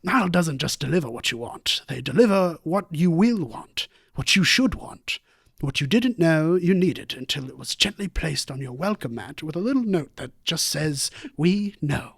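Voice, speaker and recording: A man putting on a hushed British documentary narrator. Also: fairly high pitch, expressive, moderate pace, gravelly, slightly rough, dry recording, studio quality, exaggerated voice. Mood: mock solemn. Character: man doing a nature-documentary narrator voice reading a fake ad.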